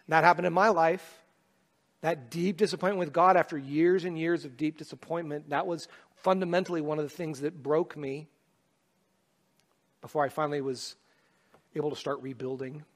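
A man preaching a sermon, his voice pitched high for a man. He moves from hushed, reflective passages to loud, impassioned exhortation. His words ring out with a long reverb, as in a big hall. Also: steady tone, normal speed, long pauses. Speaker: pastor.

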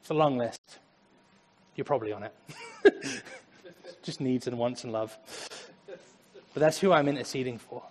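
A young man preaching a lively sermon in a church, laughing often as he talks. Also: medium pitch, normal speed, long pauses, long reverb tail. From Germany. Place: church sanctuary.

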